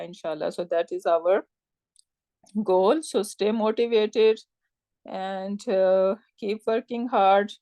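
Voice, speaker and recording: A woman's voice: mid-range voice, dry recording. Woman teacher, live grammar class, patient step-by-step explaining, dry close sound. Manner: explains step by step, often checks with "right?"; warm encouraging tone with religious phrases.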